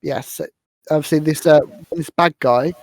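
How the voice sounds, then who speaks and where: A woman's voice: sits low, steady tone, normal speed, darkish tone, no room sound. A woman hosting a podcast, casually retelling a movie's plot with lots of fillers. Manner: rambling, filler-heavy retelling of scenes. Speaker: podcast host. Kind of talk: casual movie recap chat.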